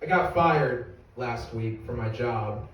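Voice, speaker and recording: A young adult man performs stand-up for a live audience, rambling through a profane, self-mocking story. His voice is mid-range and slow, and the recording is very noisy, picked up from far off in an echoey room.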